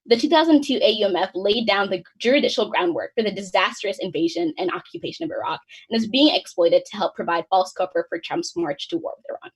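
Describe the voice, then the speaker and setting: Speaking fast and earnestly from notes, a young American woman in her twenties gives a prepared webinar speech as a student organizer. She has a medium pitch with lively intonation, a creaky quality and a breathy edge, heard over poor audio.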